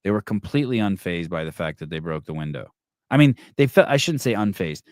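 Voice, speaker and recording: A middle-aged man with a lowish voice tells a story as a podcast host, swearing freely and getting animated. His voice sounds close and dry, with no room around it. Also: fairly quick, no room sound. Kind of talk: casual storytelling and reading comments.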